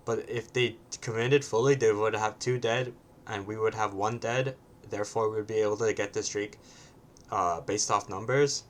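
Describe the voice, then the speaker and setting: A man's voice: on the low side, steady tone, normal speed, a little hiss or hum. A man casually commenting on his own match, often ending points with a questioning "right?" and sometimes swearing bluntly.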